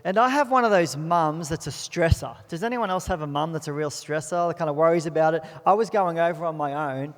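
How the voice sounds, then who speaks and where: Young Australian male pastor, chatty storyteller, raised pitch, big-hall echo. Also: fairly quick, hardly any pauses. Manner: chatty storytelling with self-deprecating asides. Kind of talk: sermon. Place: church auditorium. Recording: long hall reverb.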